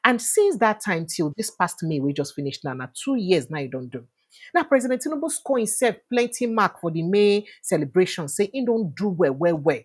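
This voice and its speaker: This Nigerian-accented host speaks in a husky, lowish voice with big pitch swings and a moderate pace. She runs her livestream interview informally and chattily, using filler sounds and mixing Pidgin with English.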